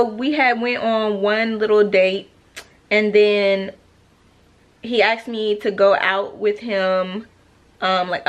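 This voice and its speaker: A woman's voice: medium pitch, a bit bright. Chatty, sassy young woman vlogger. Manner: chatty, rambling, self-correcting, sassy. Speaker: beauty vlogger. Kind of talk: casual makeup tutorial with personal storytime chat.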